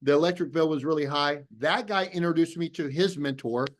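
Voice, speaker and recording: A man's voice: a little high, brisk. A man giving a motivational talk to an audience over a video call, telling a story and acting out both sides of remembered conversations. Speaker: business opportunity presenter.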